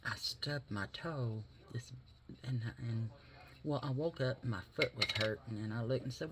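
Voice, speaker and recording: Male makeup vlogger, unhurried, chatty and profane, mid-range voice, murmurs asides. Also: mid-range voice, very noisy. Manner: rambling, chatty, swears casually, drops into whispered asides. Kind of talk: casual chat while doing makeup.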